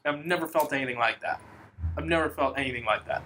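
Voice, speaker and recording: Young guy, bright punchy voice, rambly storyteller, swears a lot, bit of hiss behind. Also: mid-range voice, fast talker, low-quality recording. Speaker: podcast co-host. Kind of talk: casual chat.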